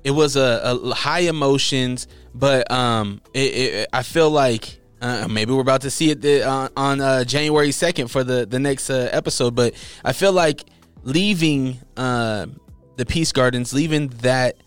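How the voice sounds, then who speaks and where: Smooth-voiced man hosting an interview. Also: mid-range voice, soft background music. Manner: halting questions with many restarts. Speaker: interview host. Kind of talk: casual interview.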